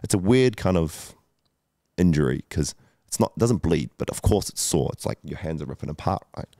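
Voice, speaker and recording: A man's voice: low-pitched, expressive, moderate pace, dark tone, no room sound, studio quality. A man, a guest telling a candid personal story, emotional, swearing often and using many fillers. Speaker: guest entrepreneur.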